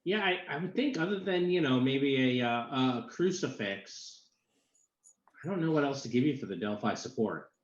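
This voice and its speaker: A man runs a tabletop game, pausing often over his words. His voice has a dull, lo-fi tone. It echoes in a roomy space. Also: mid-range voice, animated. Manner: halting, with many fillers. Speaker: game master. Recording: echoey room, dull lo-fi sound.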